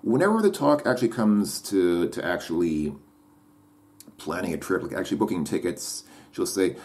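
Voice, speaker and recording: Deep-voiced man rambling to camera. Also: animated, normal speed, darkish tone. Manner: rambling, repeats himself. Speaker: vlogger. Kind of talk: casual vlog monologue.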